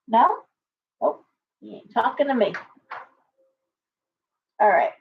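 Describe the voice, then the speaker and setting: A woman's voice: a little high, expressive, slow pace, creaky, pauses often. A woman giving a casual live tarot reading, blunt and chatty, full of asides and restarts. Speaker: tarot reader. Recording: distant, dull lo-fi sound.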